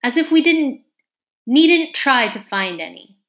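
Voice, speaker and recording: A woman's voice: high voice, animated, measured pace, fairly bright tone, pitched above the performer's own voice. A woman voicing a fussy, pompous old king in a storybook reading. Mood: musing. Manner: bustling, self-satisfied.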